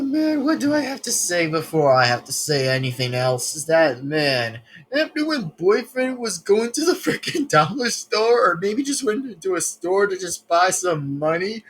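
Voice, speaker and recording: A man's voice: high voice, fairly bright tone. A man rambling through casual reaction commentary, laughing often and swearing. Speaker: video reactor.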